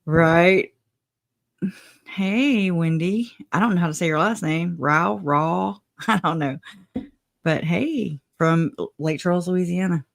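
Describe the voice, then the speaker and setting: A woman's voice: fairly low pitch, slow, creaky. A woman hosting a casual livestream, chatting, laughing often and greeting viewers by name. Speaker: livestream host.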